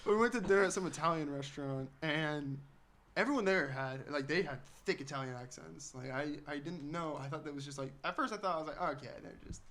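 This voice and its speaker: A man's voice: a little high, a little fast, a little hiss or hum. A young man co-hosting a comedy podcast, telling a rambling, self-mocking story with frequent laughs. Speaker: podcast co-host. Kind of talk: casual storytelling chat. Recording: podcast with loud group laughter behind.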